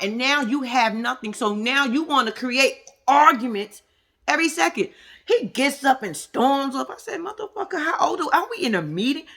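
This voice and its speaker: Blunt, cursing woman ranting, bright voice. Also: a little high. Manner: addresses viewers directly. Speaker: reality TV commentator. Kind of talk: casual reaction commentary.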